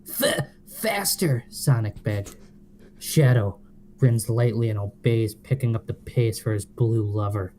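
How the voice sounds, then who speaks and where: A man co-hosting a podcast, reading fanfiction aloud and chatting casually with a dry, unhurried delivery. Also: lowish voice, little pitch movement, dark tone, a little hiss or hum. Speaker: podcast co-host.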